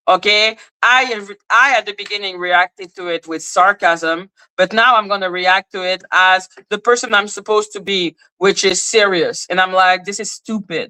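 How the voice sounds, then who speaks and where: A woman's voice: mid-range voice, moderate pace, few pauses, pushed and bright, smooth, poor audio. A woman hosting a livestream, ranting in a blunt, sarcastic and confrontational way while answering her chat. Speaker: livestream host. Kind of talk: casual livestream rant reacting to chat.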